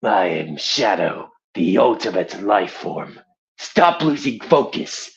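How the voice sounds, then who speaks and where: A man's voice: lowish voice, very animated, takes it slowly, vocal fry, lo-fi sound, full character voice. A man voicing a brooding, aloof hedgehog antihero in a cool, commanding tone. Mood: cold.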